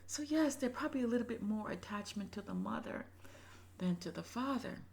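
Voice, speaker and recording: Gravelly, impassioned woman vlogger. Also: mid-range voice, lively intonation, fairly quick. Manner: impassioned, moves between loud emphasis and soft whispery asides. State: emotional. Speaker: reaction video creator. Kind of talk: emotional reaction commentary.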